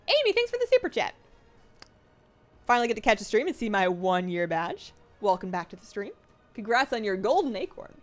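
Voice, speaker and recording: Young woman streamer, casual at-home chat, rambling and self-deprecating, lots of ums and restarts. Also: mid-range voice. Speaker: livestream host. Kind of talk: casual chat reading viewer comments. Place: home apartment.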